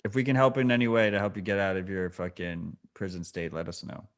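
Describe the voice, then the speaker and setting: A man's voice: deep voice, flat delivery, fast. A man co-hosting a podcast, explaining things bluntly and swearing in casual chat. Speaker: podcast co-host.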